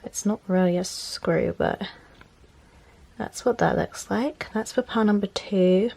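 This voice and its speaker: Gravelly and dark in tone, this young woman's mid-range voice moves a little slowly as she gives a laid-back tarot reading from her bedroom floor. She chats, apologizes, gets sidetracked easily, and sounds slightly out of breath.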